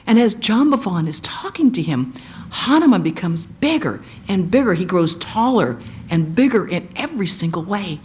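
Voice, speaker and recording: A woman giving a sermon, retelling an epic as animated storytelling and acting out the quotes. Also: fairly low pitch, normal speed. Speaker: guest speaker, monastic.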